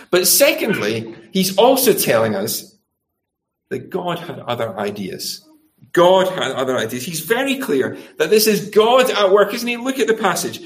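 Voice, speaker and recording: This sermon comes from a middle-aged man whose high voice swings widely in pitch at a moderate pace. He directs rhetorical tag questions at the congregation and plays out quoted speech with changing voices.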